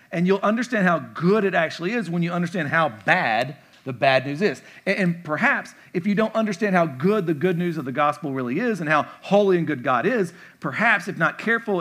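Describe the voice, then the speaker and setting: A man's voice: high-pitched, fairly bright tone. A pastor delivering a conversational sermon, playfully acting out imagined replies from his listeners. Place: church sanctuary.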